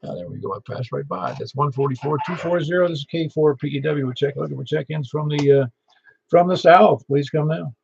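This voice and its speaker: A man's voice: a little high, fairly quick, vocal fry, noisy background. A man with a Middle Tennessee accent running an amateur radio net, chatting in a joking, folksy way. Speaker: net control operator. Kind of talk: ham radio net chat. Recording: lo-fi radio transmission.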